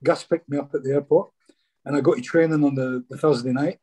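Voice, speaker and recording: A man's voice: medium pitch, steady tone, a little fast, dark tone, husky. A Scottish man, a former footballer, telling stories casually in an interview and often saying "mate". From Scotland. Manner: chatty, says "mate" a lot.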